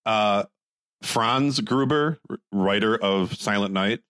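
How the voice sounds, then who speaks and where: A man co-hosting a casual movie podcast, unhurried and reflective, chuckling as he talks. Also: fairly low pitch, a bit bright, no echo. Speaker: podcast co-host.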